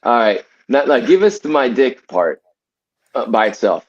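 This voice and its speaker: Man, animated pitch, joking, laughing, muffled lo-fi audio. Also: normal speed. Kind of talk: casual chat on a stream.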